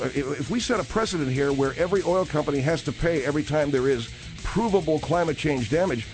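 A man hosting a comic talk radio show from a studio, brisk and wry, often cutting his guests off. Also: fairly high pitch, lively intonation, faint music behind. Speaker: radio host.

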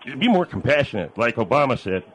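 A man's voice: medium pitch, sing-song, slightly rough, voice pushed down. A man voicing a pushy male studio sidekick who nags and lectures the host in a comedy radio bit. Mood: nagging. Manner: fast, nagging, preachy.

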